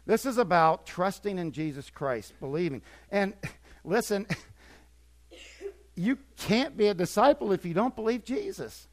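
High-voiced older pastor preaching. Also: male voice, animated, a little slow. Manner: swings between quiet and emphatic, repeats words for effect. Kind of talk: sermon.

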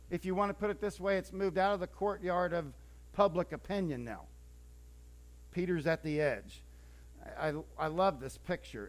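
Male preacher, high-pitched, animated storytelling, conversational sermon. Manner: animated storytelling, acting out scripture scenes; conversational, with stumbles and restarts.

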